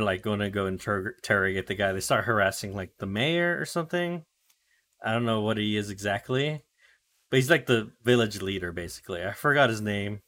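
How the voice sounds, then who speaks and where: A man's voice: fairly low pitch, fairly bright tone. A man co-hosting a podcast, retelling anime episodes in loose casual chat full of fillers, swearing and acted-out character lines. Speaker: podcast co-host recapping anime.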